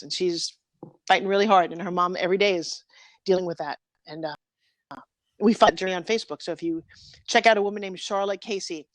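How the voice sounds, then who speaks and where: A woman's voice: on the low side, no echo. A woman in her fifties, a guest talking candidly and animatedly in an emotional interview, close to tears, over a live video stream. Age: 50s.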